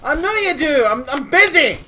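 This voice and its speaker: High, lively woman in put-on British accent. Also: moderate pace, faint music behind. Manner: narrates her own moves, bursts into panicked shouting. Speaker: gamer. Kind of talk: multiplayer game commentary.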